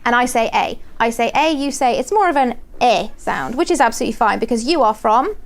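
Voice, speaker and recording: Southern English woman, high voice, phonics teacher, clear and encouraging. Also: lively intonation. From southern England. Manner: clear, encouraging, sounds out words slowly. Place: primary school classroom.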